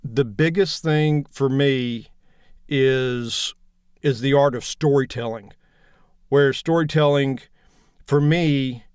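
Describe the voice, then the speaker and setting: A man in his fifties with a Southern drawl, an audiobook narrator talking in a relaxed, plainspoken, folksy way in a casual interview. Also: mid-range voice, slow, clear, resonant tone, no room sound, studio quality. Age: 50s.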